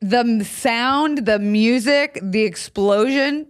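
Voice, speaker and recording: A woman's voice: lowish voice, normal speed. A woman co-hosting a podcast, chatting casually, blunt and enthusiastic, with frequent swearing. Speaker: podcast co-host. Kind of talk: casual chat.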